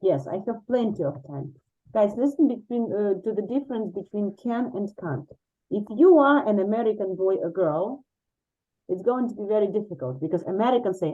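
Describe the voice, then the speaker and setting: A woman leads an English grammar class, patiently repeating examples. Her voice is mellow and warm. The sound comes through slightly dull video-call audio. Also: medium pitch, lively intonation, moderate pace. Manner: encouraging, explains with repeated examples. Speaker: English teacher. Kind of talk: online grammar lesson.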